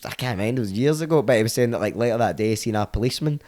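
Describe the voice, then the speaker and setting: A man's voice: medium pitch, very fast, darkish tone. A man with a Scottish accent, a comedian and podcast guest telling rambling, sweary stories in casual chat.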